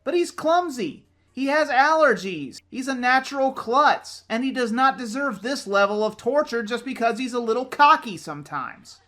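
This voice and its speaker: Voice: medium pitch, expressive, normal speed, few pauses, a bit bright. A show reviewer giving casual commentary, sarcastic and prone to ranting.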